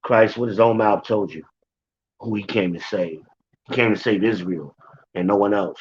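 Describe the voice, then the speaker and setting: A man's voice: lowish voice, moderate pace. A man teaching from scripture in an informal, emphatic way, repeating his points and talking straight to his listeners. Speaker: Bible teacher. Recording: dull lo-fi recording.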